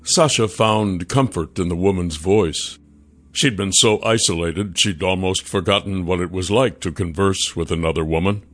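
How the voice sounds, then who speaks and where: A man narrating a fantasy story in a calm, measured way. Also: low-pitched.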